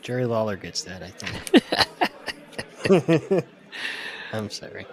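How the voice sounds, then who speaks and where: A man's voice: on the low side, sing-song, slow. Podcast guy nitpicking a novel, dry little jokes, casual. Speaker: podcast co-host. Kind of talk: casual book-club chat.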